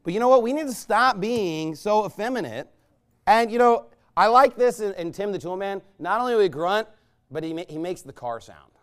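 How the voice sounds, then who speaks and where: A man, a pastor, delivering a sermon in a blunt, emphatic and scornful way, with loud bursts. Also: high voice, expressive, normal speed, smooth.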